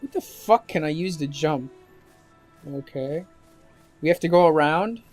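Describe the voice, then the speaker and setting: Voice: medium pitch, measured pace, a little mellow. A let's-play commentator tossing off sarcastic, joking remarks while playing. The tone is loose and casual, with game music faintly underneath.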